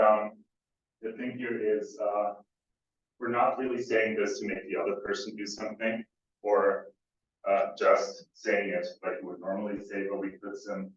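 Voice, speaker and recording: Low-voiced guy giving a conference talk, lots of uhs and restarts, far from the mic, super echoey hall, dull sound. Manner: hesitant, many fillers and restarts. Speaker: conference speaker. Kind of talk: academic talk. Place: lecture room. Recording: distant mic, echoey room, dull audio.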